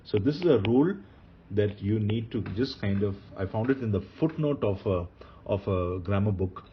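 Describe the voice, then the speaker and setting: A male teacher lectures with a low voice that rises and falls a great deal as he explains. He repeats each rule for emphasis and checks in with rhetorical questions. The recording sounds dull and lo-fi. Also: animated, moderate pace, slight background noise. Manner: patient, repeats key rules, asks rhetorical questions. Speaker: Hebrew grammar teacher.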